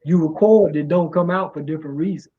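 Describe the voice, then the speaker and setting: A middle-aged man from Washington, D.C., a music promoter, talking in a casual, rambling way with a slight drawl. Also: brisk. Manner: rambling, repeats fillers, drawling. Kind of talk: casual interview. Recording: muffled low-fidelity sound.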